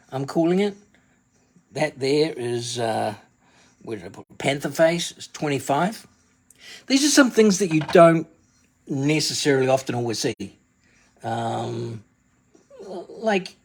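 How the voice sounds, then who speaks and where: A woman's voice: sits low, slightly rough. A woman chatting casually to viewers while selling crystals on a live stream, calling out to them by name.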